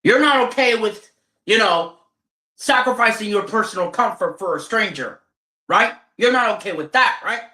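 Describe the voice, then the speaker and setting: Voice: medium pitch, lively intonation, normal speed, pushed and bright. A streamer in a heated, profane political rant who keeps asking rhetorical questions. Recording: roomy echo.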